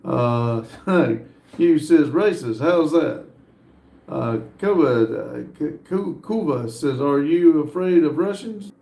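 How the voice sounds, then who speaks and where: Gravelly man hosting a roomy live stream. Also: fairly high pitch, animated, warm tone. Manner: reads comments aloud with frequent "uh" pauses. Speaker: livestream host reading viewer chat. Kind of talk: casual live-stream chat.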